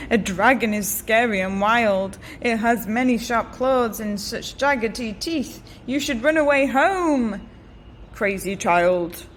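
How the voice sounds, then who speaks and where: A woman voicing a big hungry ogre with a loud, low, gruff voice. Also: takes it slowly, a little hiss or hum. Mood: frightened.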